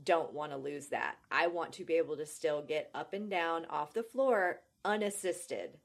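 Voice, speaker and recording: A woman's voice: low-pitched, moderate pace. A woman fitness coach in a casual podcast chat, earnest and agreeable, chiming in with short affirmations.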